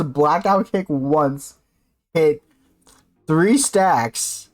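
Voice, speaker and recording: Excitable man reacting live on stream. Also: on the high side, extremely slow, faint music behind. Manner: excitable, swings into loud mock rants.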